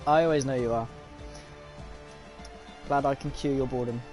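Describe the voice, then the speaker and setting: A man's voice: medium pitch, fairly even intonation, moderate pace, darkish tone, soft background music. A young man commentating a sim racing stream, rambling and bantering, tired but wired on caffeine. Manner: rambling, chatty banter between bursts of upbeat formal intro. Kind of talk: live race-stream commentary.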